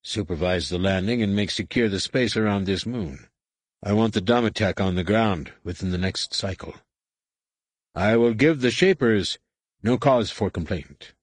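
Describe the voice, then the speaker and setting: A man voicing a cold, menacing alien warrior commander who speaks slowly and with measured threat, in a husky voice. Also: lowish voice, no room sound. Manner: slow, measured, coldly threatening.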